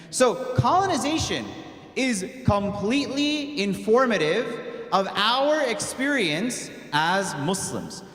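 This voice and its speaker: High-voiced imam quizzing a crowd. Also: male voice, a bit bright. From United States. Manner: interactive, quizzes the crowd with quick questions; casual, slangy asides. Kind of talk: lecture to a live audience. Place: large hall at an Islamic center. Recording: echoey hall, long reverb.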